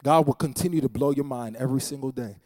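A man's voice: mid-range voice, fast talker, a little mellow, no echo. A man preaching a sermon as pastor, dramatic and repeating phrases for emphasis. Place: church.

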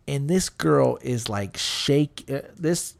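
A man's voice: medium pitch, takes it slowly, gravelly, a crowd in the background. A man casually telling a long story on a podcast, swearing freely and acting out what his friends said. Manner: animated, profane, acts out what friends said. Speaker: podcast co-host.

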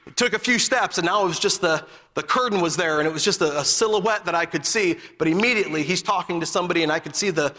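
This preacher speaks fast and barely pauses, his fervent, story-rich sermon carried by a piercingly bright, strikingly high male voice. At intervals he bursts into an emphatic shout, and every phrase trails off into a long hall reverb.

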